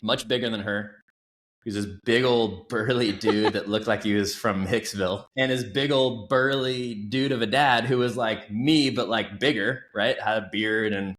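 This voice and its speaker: A man's voice: on the low side, moderate pace. A man in his thirties, a coach talking as a podcast guest, telling stories earnestly and with emphasis. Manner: earnest storytelling, emphatic and animated. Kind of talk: casual interview conversation. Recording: roomy echo.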